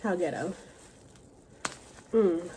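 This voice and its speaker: A woman's voice: on the low side, animated, extremely slow, dark tone, a little hiss or hum. A woman vlogger talking while she eats, in a blunt, profane, casual rant. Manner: talks while eating.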